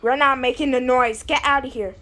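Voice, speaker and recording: A woman's voice: high-pitched, steady tone, brisk, bright, forceful tone. A woman hosting a comedic character skit, playfully switching voices for each character. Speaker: host voicing every character.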